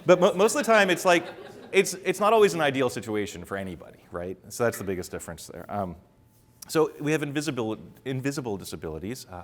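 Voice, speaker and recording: Casting: middle-aged male conference speaker, lowish voice, rapid delivery full of ums. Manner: fast-talking, many fillers. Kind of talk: conference talk. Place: conference room with audience.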